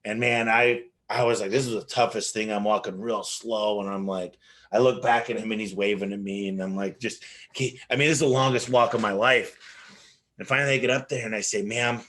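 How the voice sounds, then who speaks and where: A man telling animated stories as an interview guest, acting out the dialogue in his anecdotes with frequent restarts. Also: lowish voice, fairly quick. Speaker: business owner guest. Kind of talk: casual interview storytelling.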